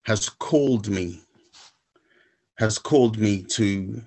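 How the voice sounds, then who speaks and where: A man reciting a spoken word poem in a measured, rhythmic way, then talking haltingly about his own recovery steps. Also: on the low side, darkish tone. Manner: halting, searching for words.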